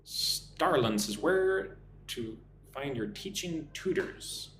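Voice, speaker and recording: A man teaching English on a live stream, reading out viewer comments and drilling pronunciation slowly. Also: on the high side, expressive, reverberant, noisy background.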